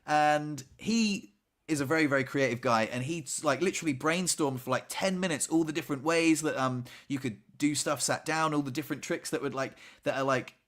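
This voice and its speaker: A man's voice: fairly high pitch, fairly quick, fairly bright tone. A man co-hosting a casual video-call podcast, chatty and rambling with lots of fillers. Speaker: podcast co-host. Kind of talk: casual chat.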